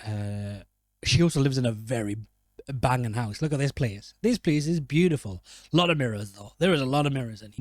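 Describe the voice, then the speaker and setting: A man's voice: mid-range voice, expressive, brisk, a little mellow, dry recording. Rambling, jokey man reviewing films. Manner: rambling, jokey, self-correcting. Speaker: film reviewer. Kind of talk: casual film commentary.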